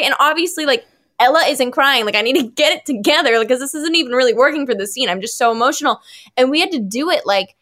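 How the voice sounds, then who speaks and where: A young woman chatting as a podcast guest, her voice sitting a touch high. She tells stories animatedly and scatters fillers throughout. The delivery stays loose and conversational. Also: quick pace. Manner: animated, filler-heavy storytelling. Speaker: actress guest. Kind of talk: casual podcast chat.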